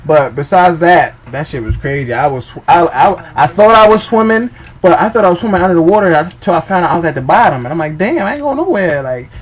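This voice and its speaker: A man's voice: on the high side, fast, hardly any pauses, low-quality recording. A young man telling rambling, profane funny stories in a casual way, laughing along as he goes. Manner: rambling, swearing, laughing at his own stories. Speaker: storyteller. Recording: faint background noise.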